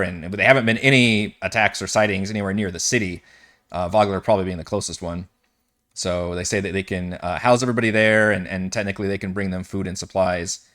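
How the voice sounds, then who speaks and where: Low-voiced man running a tabletop game. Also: steady tone, fast, fairly bright tone. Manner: casual, rambling, with frequent fillers. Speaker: game master. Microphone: online voice call.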